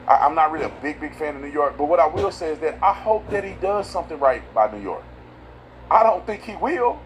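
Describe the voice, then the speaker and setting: A man hosting a casual political commentary video, talking in an emphatic, slangy way and swinging from loud outbursts to low asides. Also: a little hiss or hum, poor audio.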